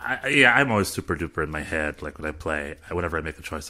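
A man's voice: extremely low pitch, expressive, racing, pushed and bright. A man chatting casually about improv in a self-deprecating way. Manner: self-deprecating, laughing often.

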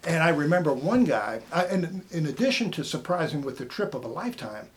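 A middle-aged man from Maine tells hunting-show stories as a podcast guest, his voice sitting a bit high. He acts out the voices in his anecdotes with lively swings in pitch. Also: a little fast, slight background noise. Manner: animated storyteller who acts out quoted voices. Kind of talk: casual storytelling.

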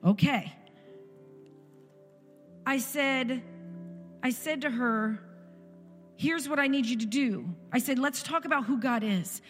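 A woman's voice: sits high, slow pace, long pauses, big-room sound, faint music behind. A woman in her forties giving an impassioned church testimony, firing off repeated rhetorical questions. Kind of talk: sermon testimony.

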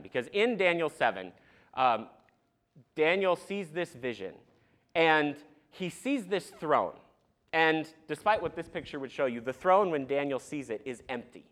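Lively, animated young man preaching. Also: fairly high pitch. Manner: animated, conversational preaching with asides to the congregation. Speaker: pastor. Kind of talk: sermon. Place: church sanctuary.

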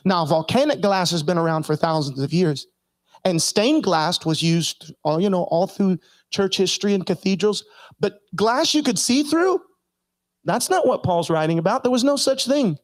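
A man preaching a sermon, calling on the congregation to answer and building up to impassioned shouting. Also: high-pitched, animated, moderate pace, dry recording. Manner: calls for congregation responses.

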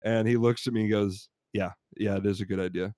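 A man's voice: lowish voice, fairly even intonation, brisk, mellow, dry recording, studio quality. A man co-hosting a podcast, telling a rambling anecdote in casual chat and acting out what people said. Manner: rambling anecdotes with laughs, acts out quotes. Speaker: podcast co-host.

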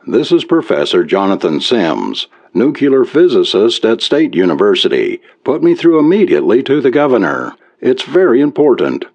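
A man voicing a nervous, urgent male physicist in a read-aloud story, hurried and anxious. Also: mid-range voice, huge pitch swings, darkish tone, pitched above the performer's own voice. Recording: dull lo-fi recording.

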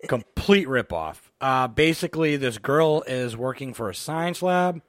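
A middle-aged man co-hosting a podcast, chatting casually and telling rambling, profane, animated movie stories into a close mic. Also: medium pitch, measured pace, dry recording. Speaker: podcast co-host. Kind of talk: casual chat about movies.

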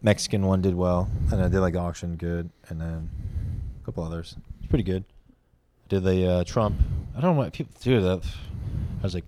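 A man's voice: low-pitched, a little fast, noisy background. A young man in his twenties, a stand-up comedian co-hosting a podcast, bantering crudely and often dropping close to a whisper into the mic. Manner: drops to a near whisper into the mic. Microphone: close studio mic.

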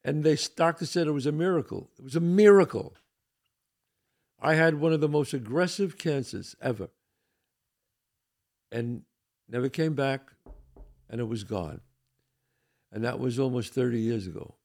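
In his casual podcast monologue, an older male host speaks earnestly in a mid-range, darkish voice at a moderate pace, pausing often. He bluntly repeats his points for emphasis and throws in a bit of swearing.

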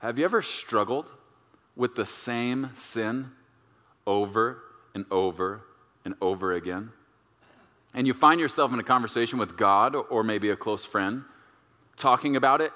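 A man's voice: mid-range voice, expressive, measured pace, bright, forceful tone, long reverb tail. A man preaching a sermon, emphatic and playful, who drags out key words for weight. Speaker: pastor.

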